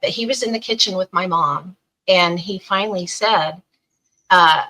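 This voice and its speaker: A middle-aged woman tells a long personal story on a podcast, voice bright and forward, pitched a little low. She talks animatedly and slips into the voices of the people she quotes. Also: a little slow, rough recording. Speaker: guest.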